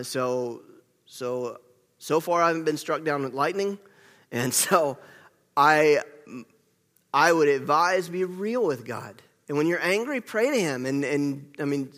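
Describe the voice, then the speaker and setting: A man's voice: fairly high pitch, a bit bright, big-room sound. A man preaching a sermon as a pastor, earnest and conversational, often restarting his sentences.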